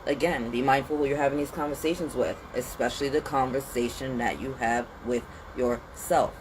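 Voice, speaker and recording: A woman hosting a casual spiritual pep talk outdoors in the cold, animated and slangy, sniffly with a runny nose. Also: very deep voice, background noise. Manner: animated, slangy and conversational, with lots of "like" and "you know". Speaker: spiritual reader and channel host.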